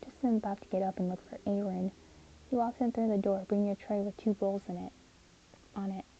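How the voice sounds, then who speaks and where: A woman narrating a first-person audio story as a caring, protective young man named Caleb, in an earnest, steady manner. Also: mid-range voice, fairly quick, muffled recording, slight background noise. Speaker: narrator and voice actor.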